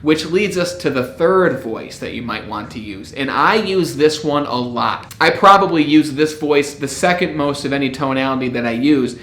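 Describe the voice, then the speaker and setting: A man coaching public speaking to camera in an upbeat way, with rising inflections, often switching between bright and low smooth tones. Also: sing-song, moderate pace, few pauses. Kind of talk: upbeat instructional talk to camera. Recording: echoey room, faint music.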